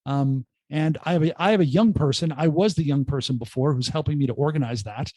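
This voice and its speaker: Middle-aged male entrepreneur guest, lively raconteur with quips, slightly high voice, dry sound. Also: fairly quick, no room sound. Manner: animated storyteller, jokey asides. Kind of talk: casual podcast interview. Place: remote call.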